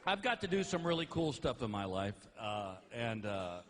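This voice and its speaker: A man's voice: mid-range voice, moderate pace, a little hiss or hum. A middle-aged man performing a stand-up comedy routine on a live stage, acting out the people in his stories. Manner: animated, acts out voices. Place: live venue with audience.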